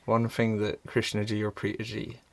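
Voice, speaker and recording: Low creaky guy hosting, asks open questions, says mm a lot. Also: monotone, moderate pace. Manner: soft listener, many "mm"s between guest's lines. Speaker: podcast host. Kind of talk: interview questions.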